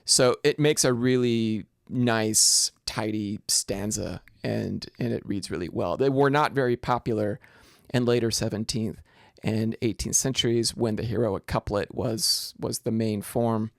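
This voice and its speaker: A man's voice: fairly low pitch, measured pace, gravelly, dry recording, studio quality. A man lecturing on poetry in a recorded video lesson. He explains step by step and often restarts his phrases. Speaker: literature lecturer.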